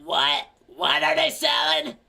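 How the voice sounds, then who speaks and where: A man's voice: very high-pitched, sing-song, gravelly, pitched above the performer's own voice, exaggerated voice. A man doing a cranky deaf old lady. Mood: cranky shouting. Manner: slow, shouting, hard of hearing.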